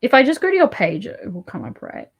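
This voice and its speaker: Australian woman, livestream host, chatty and soft-spoken, voice rises and falls a lot, slips into near-whispers. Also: fairly high pitch, huge pitch swings, fairly quick, creaky, breathy edge, lo-fi sound. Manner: soft-spoken, rambling, often dropping to a murmur. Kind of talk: casual livestream chat.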